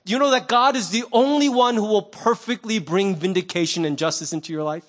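High-voiced pastor preaching conversationally. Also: male voice, brisk. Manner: conversational and animated, acting out little quoted voices. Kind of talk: sermon.

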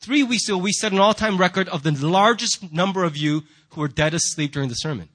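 Bright, high-voiced animated pastor. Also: male voice, fast talker. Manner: animated, jokey preaching with acted-out voices. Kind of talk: sermon. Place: church.

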